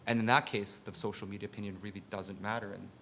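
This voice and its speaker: Low-voiced man, emphatic panel speaker. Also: flat delivery, fast, sharp tone. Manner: emphatic, rhetorical questions. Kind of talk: conference panel talk. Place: conference session room. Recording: faint background rumble.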